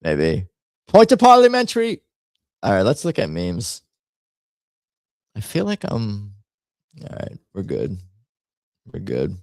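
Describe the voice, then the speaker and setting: A man's voice: low voice, wildly swooping pitch, slow, gravelly, long pauses, dark tone, no echo, clean studio sound. A man hosting a live stream, chatting casually in a rambling, jokey way that keeps breaking off mid-sentence. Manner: rambling, self-interrupting, jokey. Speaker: streamer host.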